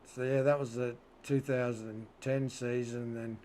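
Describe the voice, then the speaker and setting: A man's voice: medium pitch, flat delivery, normal speed, mellow, slight background noise. A man with an Australian accent telling rodeo stories as an interview guest, laid-back, swearing freely and often asking "you know what I mean". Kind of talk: casual storytelling.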